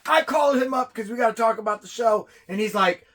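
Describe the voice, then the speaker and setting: A man with a high voice needles his co-host in easygoing podcast banter. He breaks into loud, mock-outraged outbursts. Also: brisk, a little hiss or hum. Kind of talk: casual banter.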